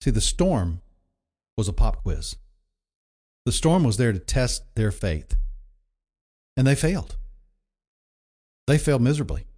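A man's voice: mid-range voice, sing-song, unhurried, pauses often, mellow. A man preaching a sermon in a conversational, emphatic way, often repeating himself for effect. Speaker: pastor.

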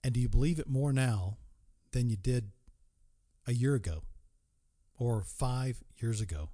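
This sermon comes from a man with a warm, mid-range voice, preaching the Bible earnestly. Key words get slowly elongated, and he puts pointed questions directly to whoever is listening.

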